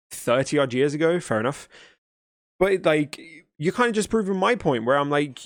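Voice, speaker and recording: A man's voice: mid-range voice, no room sound, studio quality. A man reacting to a video, arguing back in a blunt, exasperated, lecturing way. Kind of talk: argumentative reaction commentary.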